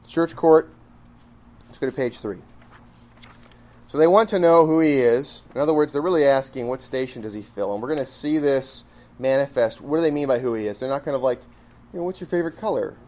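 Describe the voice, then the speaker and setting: A man teaching a classroom Bible lesson in a conversational, emphatic way, full of rhetorical questions and quick asides. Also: mid-range voice, darkish tone.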